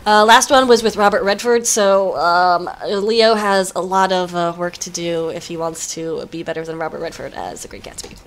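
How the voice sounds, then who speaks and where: A young woman giving live play-by-play commentary on a team video game, chatty and excitable, with joking asides. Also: fairly low pitch, normal speed, hardly any pauses. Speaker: esports caster.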